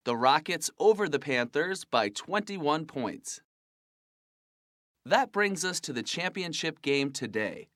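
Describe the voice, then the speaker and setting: An actor playing a sports radio host who reads scores slowly and clearly for learners. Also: male voice, a little high, fairly bright tone, dry recording, studio quality. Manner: slow, clear, stressing each score. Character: upbeat male sports radio host, adult. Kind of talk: scripted sports report for a language lesson.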